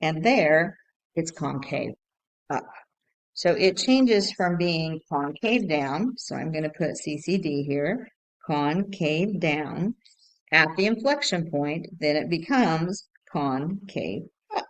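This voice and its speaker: A woman's voice: low-pitched, expressive, takes it slowly, rough recording. A woman teacher talking students through math notes patiently, repeating key points and thinking aloud with fillers. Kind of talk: recorded lesson walkthrough.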